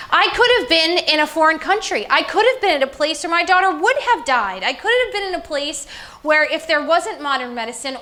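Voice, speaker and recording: A woman in her thirties delivers a sermon built around a personal story. Her voice sits high and sounds bright and forceful. She leans into the emotion and jumps up in pitch whenever she drives a point home. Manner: emotional storytelling, pitch climbing sharply on emphasis. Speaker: preacher.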